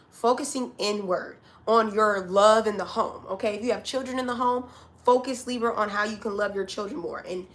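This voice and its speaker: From her home, a woman tarot reader gives a casual collective reading, speaking straight to her listeners and calling them honey and child. Her voice is medium-pitched and a bit bright.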